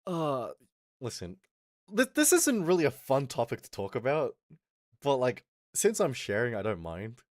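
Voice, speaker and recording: A young man streaming as a vtuber tells his chat a story on a close mic, rambling casually with lots of fillers, reading chat and acting out quotes. His medium-pitched voice swings hugely in pitch at an unhurried pace, with no room sound.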